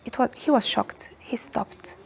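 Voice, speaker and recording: A young woman, telling a story as a podcast guest in a hostel, animated and repeating herself often. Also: measured pace. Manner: animated, repeats words, frequent "you know". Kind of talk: casual storytelling in English.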